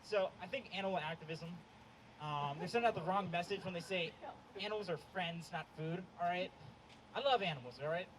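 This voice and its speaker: A young man doing a stand-up set outdoors, hesitant and deadpan, with many ums. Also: high voice, brisk. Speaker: stand-up comedian. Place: outdoor show in the cold. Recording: noisy outdoor recording.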